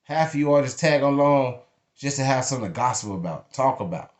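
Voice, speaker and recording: Man vlogger, mid pitch, frustrated rant to camera, heavy swearing, echoey room. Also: expressive, fairly quick. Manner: blunt, emphatic, cursing freely. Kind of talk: emotional venting monologue.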